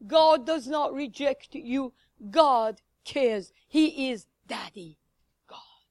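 High-voiced woman preaching with fervor. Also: slow pace, no room sound. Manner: fervent, swings between loud exhortation and hushed whispers; laughs now and then, addresses the audience directly. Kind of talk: sermon.

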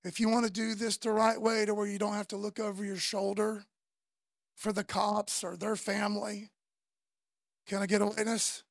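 A woman's voice: medium pitch, flat delivery, normal speed, gravelly, dry recording. A woman preacher delivering a fervent, conversational sermon full of casual slang.

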